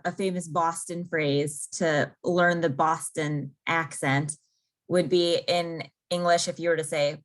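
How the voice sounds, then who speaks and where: Interview guest: a Midwestern American woman, low-pitched, chatty and explanatory. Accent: General American, Midwestern. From Ohio, United States. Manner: chatty, explains with examples, laughs often. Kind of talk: casual conversation.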